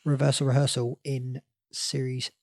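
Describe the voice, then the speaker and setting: A woman hosting a casual podcast game, playful and quick to laugh. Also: extremely low pitch, level tone, crowd noise. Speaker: podcast host.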